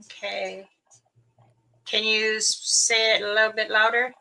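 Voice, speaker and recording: Slow, bright-voiced woman hosting a stream. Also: mid-range voice, level tone, gravelly, low-quality recording. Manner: sorting out audio problems with guests. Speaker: livestream host. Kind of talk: casual chat.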